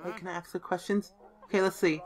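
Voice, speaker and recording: A woman's voice: on the low side, steady tone, fast talker. A woman casually commenting on a life-simulation game as she plays, reading options aloud and playfully voicing the characters. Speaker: let's play host. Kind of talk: gaming commentary.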